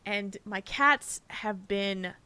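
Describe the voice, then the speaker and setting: A woman's voice: medium pitch, drawn-out words, bright, forceful tone, clear, resonant tone, no room sound. A tired woman co-hosting a podcast, chatting casually, rambling and restarting her sentences with frequent laughs. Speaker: podcast co-host. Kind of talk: casual chat.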